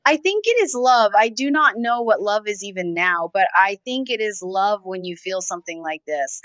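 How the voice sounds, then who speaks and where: A woman's voice: mid-range voice, lively intonation, normal speed, fairly bright tone, no echo, dull audio. A middle-aged woman from Brazil, a guest in an interview, telling her own story emotionally. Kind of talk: confessional interview talk.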